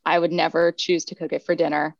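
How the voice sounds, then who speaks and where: A young woman guesting on a sports podcast chats casually, using lots of fillers and self-deprecating asides. Her voice is deep and level, and she talks fast. The recording is dry, with a dull, slightly muffled sound.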